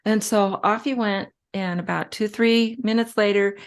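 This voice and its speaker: A woman's voice: medium pitch, fairly even intonation, moderate pace, clean tone. A middle-aged woman speaking as a guest in a casual interview, chatty and storytelling with frequent fillers. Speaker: guest, respiratory therapist.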